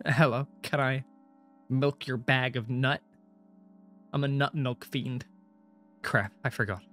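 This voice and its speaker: A man's voice: mid-range voice, steady tone, slow, a bit bright, faint music behind. Young man reading a visual novel aloud. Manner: casual, swears often, laughs between lines. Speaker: gaming streamer.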